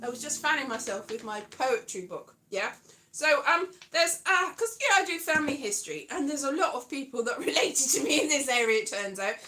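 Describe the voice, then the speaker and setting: A woman's voice: sits high, animated, a little fast, sharp tone. A woman rambling in a casual monologue, chatty and self-deprecating, sometimes slipping into a sing-song tone. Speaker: vlogger.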